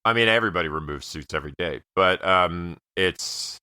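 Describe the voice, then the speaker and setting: Very deep, bright, crisp-voiced man. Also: no echo. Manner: filler-heavy, measured. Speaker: podcast co-host. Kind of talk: casual movie review chat.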